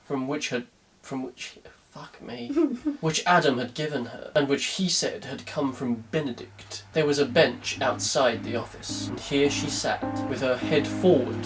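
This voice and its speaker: A man's voice: mid-range voice, animated, unhurried, soft background music, rough recording. Giggly guy reading aloud, swearing. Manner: giggly, swears freely, breaks off reading to joke. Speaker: podcast co-host reading aloud. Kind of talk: comic drunken book reading.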